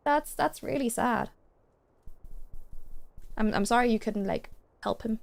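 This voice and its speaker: A woman's voice: a little high, a little slow, gravelly. A young woman streaming games, chatting casually and gushing to her chat with giggles.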